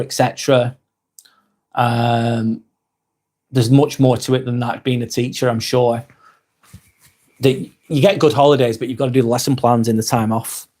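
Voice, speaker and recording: A British man hosts a live stream in a medium-pitched, steady voice at a moderate pace. He reads viewers' comments and responds softly and sympathetically, laughing lightly.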